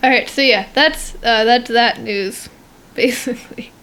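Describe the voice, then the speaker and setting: A woman's voice: a little high, takes it slowly, a bit bright, smooth. A teenage girl co-hosting a podcast, chatting casually, rambling with lots of fillers and giggles. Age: teens. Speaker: podcast co-host. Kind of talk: casual chat.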